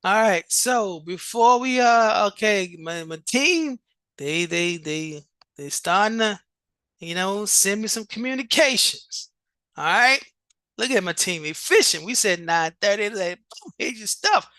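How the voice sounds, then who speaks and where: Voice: mid-range voice, lively intonation, measured pace, pushed and bright, smooth, no room sound. A coach hosting a live online show and announcing competition vote results with hype, often repeating words and restarting sentences.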